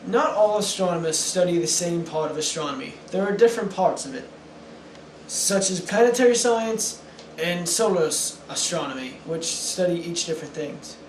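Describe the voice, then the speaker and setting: A man's voice: high-pitched, expressive, normal speed, echoey room, distant mic, a little hiss or hum, poor audio. A young man playing a British astronomer in an amateur skit, earnest and stumbling over his words. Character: pompous British male astronomer being interviewed. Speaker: interviewee in a school project skit.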